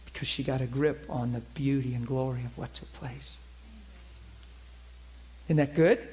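A man's voice: mid-range voice, steady tone, moderate pace, highs cut off. A man preaching a sermon, telling a story and acting out the people in it.

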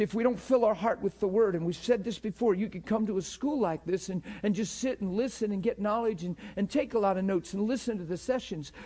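A man's voice: high-pitched, mellow. A man teaching a class in a sermon style, conversational and often checking in with his listeners, repeating words as he builds a point.

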